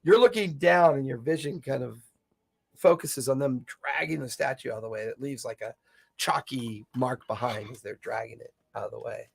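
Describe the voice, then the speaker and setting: A man's voice: medium pitch, moderate pace, gravelly, slightly rough. A man narrating a tabletop game as game master, describing scenes vividly and laughing often.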